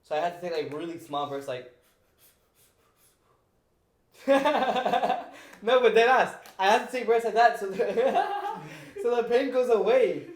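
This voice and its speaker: A young man chatting casually on a podcast, lively and slangy, laughing as he talks. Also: high-pitched, slow pace, pauses often. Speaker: podcast co-host. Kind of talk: casual chat. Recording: echoey room with faint noise.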